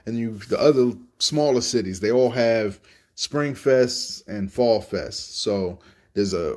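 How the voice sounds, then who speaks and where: A young man from Florida telling a story in a relaxed, casual monologue, cursing freely and often repeating his words. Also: mid-range voice. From Tampa, Florida. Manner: laid-back, profane, repeats himself. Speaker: podcast host telling stories.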